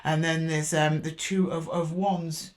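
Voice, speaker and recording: A woman's voice: deep voice, level tone, measured pace, a little mellow. A woman giving a casual tarot reading, thinking aloud, repeating card names as she draws them and correcting herself with fillers. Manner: chatty and reassuring with frequent fillers and self-corrections. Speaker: tarot reader.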